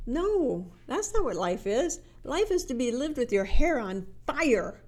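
Energetic woman life coach. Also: fairly high pitch, moderate pace, hardly any pauses. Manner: energetic, animated storytelling with quoted inner voices. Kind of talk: motivational talk to camera.

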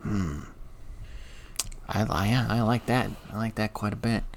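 Chatty man, low voice, casual film talk. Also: unhurried, slight background noise. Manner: chatty, laughs often, acts out quotes. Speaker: podcast co-host.

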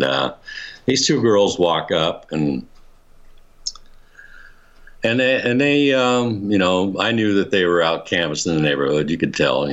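An older man with a very deep voice tells a personal story in a relaxed, rambling way. He restarts his sentences often and chuckles as he goes. The recording sounds dull and lo-fi. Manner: rambling, many restarts, chuckles while telling. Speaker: interviewee. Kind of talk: casual storytelling.

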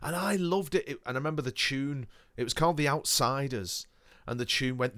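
Man, casual chat, rambling, nostalgic, animated delivery. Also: medium pitch, normal speed, no echo, studio quality.

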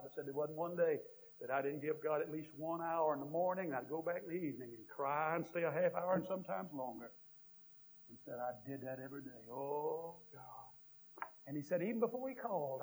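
A man's voice: a little high, slightly rough, low-quality recording. A man, a visiting preacher telling a story in his sermon and then pleading fervently in an altar call.

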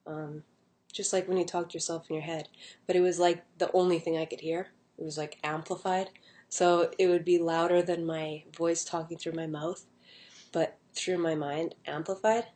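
A woman's voice: fairly low pitch, level tone, moderate pace, darkish tone. A young adult woman casually telling a personal story at home, rambling with many fillers and restarts. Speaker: vlogger.

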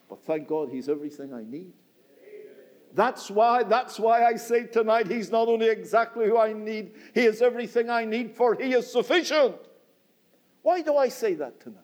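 A middle-aged man with a Northern Irish accent preaches an evening church sermon in a notably high voice. His delivery swells and drops in a steady preaching cadence, and he keeps turning to the congregation as "my friend". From Northern Ireland. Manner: rising and falling preaching cadence, repeats "my friend". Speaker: visiting preacher.

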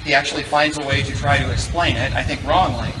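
A man with a Southern US accent gives a debate statement, conversational and self-deprecating. His voice sits in a middle pitch. He is recorded from a distance in an echoing room with clear background noise. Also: fairly even intonation, fast talker. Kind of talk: formal debate opening statement.

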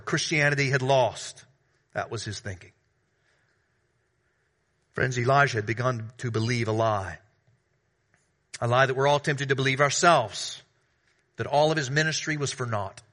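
A man preaching a sermon, reading scripture and then expounding it earnestly, building louder through repeated phrases and dropping soft on asides. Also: medium pitch. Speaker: pastor.

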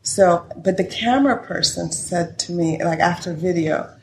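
Gravelly-voiced woman telling stories. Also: fairly low pitch, moderate pace, darkish tone. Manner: candid storytelling, laughs often. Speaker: interview guest. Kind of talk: casual interview conversation. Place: her studio. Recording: echoey room with faint noise.

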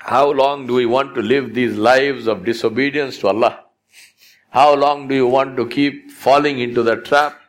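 A man preaching a sermon, exhorting his listeners with emphatic repetition. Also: medium pitch.

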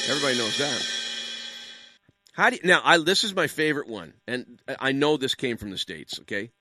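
A Canadian man in his late fifties tells stories and jokes in an animated way, swinging his pitch up and down and throwing in rhetorical questions. His voice is bright and forceful. It sounds dry and close, with no room echo. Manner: animated, jokey, full of rhetorical questions and asides. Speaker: public speaker. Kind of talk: humorous storytelling monologue.

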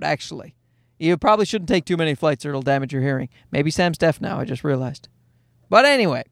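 A man's voice: high-pitched, creaky, fairly bright tone, dry recording, clean studio sound. A man in his thirties hosting a casual solo podcast, telling a story in a profane, self-mocking way. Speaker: podcast host.

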